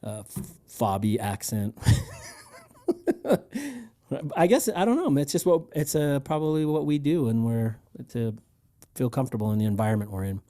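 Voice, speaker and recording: A man's voice: mid-range voice, big pitch swings, brisk, dark tone. A man co-hosting a casual podcast chat, rambling with frequent laughs and restarts. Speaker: podcast co-host.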